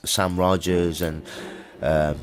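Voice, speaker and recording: Middle-aged musician, very low voice, loose chatty storyteller, slangy. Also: male voice, level tone, slow. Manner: chatty anecdotes with slang and laughs. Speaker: musician guest. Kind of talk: casual storytelling interview.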